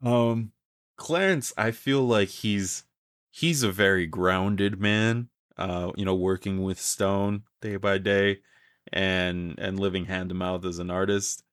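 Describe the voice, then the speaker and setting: Male player, very low voice, dry sound, thinks aloud. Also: steady tone, takes it slowly, fairly bright tone, clear, resonant tone, no echo. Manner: thoughtful, rambling. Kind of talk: casual tabletop play.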